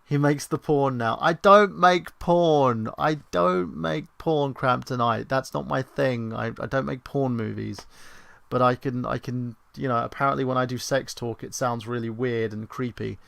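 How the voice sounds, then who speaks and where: A British man in his thirties chats on a livestream, his voice gravelly at the bottom and recorded dry and close. He rambles from topic to topic with sarcastic, self-mocking asides and casual swearing. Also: mid-range voice, steady tone, moderate pace, a bit bright, dry recording. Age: 30s. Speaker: livestream host.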